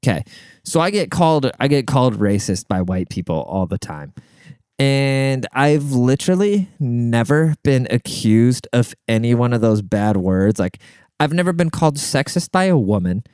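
A man's voice: mid-range voice, big pitch swings, moderate pace, a little mellow, clear, resonant tone, no echo, studio quality. A man hosting a show, telling a story in a casual, profane and exasperated way.

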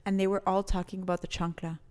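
A woman's voice: mid-range voice, flat delivery, fast talker, a little mellow, smooth. A young woman co-hosting a podcast, talking with passion and emphasis, swearing freely and mixing in Spanish words. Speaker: podcast co-host. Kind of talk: casual podcast chat.

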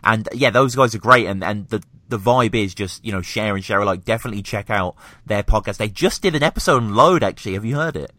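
A man's voice: on the low side, fast talker, hardly any pauses, bright, forceful tone, dry recording, clean studio sound. A man with a British accent hosting a podcast, interviewing a guest in a friendly, casual way with many fillers. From Britain. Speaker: podcast host.

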